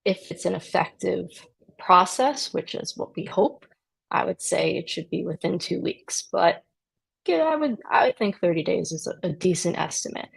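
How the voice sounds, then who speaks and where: A woman's voice: fairly low pitch, expressive, normal speed, gravelly, breathy edge, rough recording. A woman immigration attorney explaining a legal process in a conversational way, with dry sarcastic asides. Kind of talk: explanatory talk to camera.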